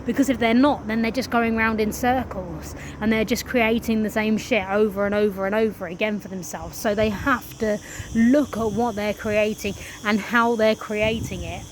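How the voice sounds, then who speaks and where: A woman's voice: medium pitch, steady tone, normal speed, background noise. A woman speaking in a casual spiritual monologue, earnest and drawn out, swearing freely. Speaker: spiritual vlogger.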